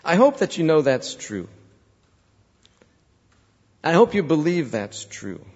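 A man's voice: on the high side, sing-song, slow, a little mellow, breathy edge. Man, pastor, sermon with rhetorical questions; lo-fi church hall sound. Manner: storytelling, rhetorical questions to congregation. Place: large church sanctuary. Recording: dull lo-fi reverberant church recording.

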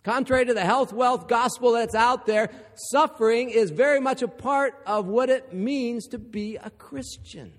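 A man from Ohio preaching a sermon, emphatic and building to forceful repeated lines. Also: extremely high pitch, normal speed, hardly any pauses, in a large hall.

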